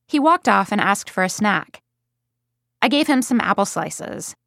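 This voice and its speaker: A woman's voice: mid-range voice, expressive, unhurried, gravelly, fairly bright tone, dry recording. A mother recounts a story about her young son in a plain, conversational way, as read by a woman. The recording is dry and close. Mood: storytelling. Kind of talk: audiobook first-person reading.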